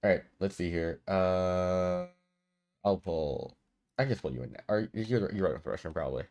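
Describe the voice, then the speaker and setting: A man with a fairly low voice runs a game night on stream as its storyteller. He chats loosely and laughs often. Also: normal speed, a little mellow. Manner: chatty, laughs easily. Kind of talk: casual game-night chat.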